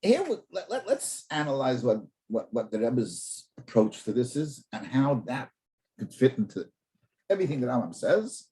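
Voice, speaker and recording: A man teaching an in-depth Talmud class, animated, often repeating words as he thinks and asking rhetorical questions. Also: mid-range voice, moderate pace.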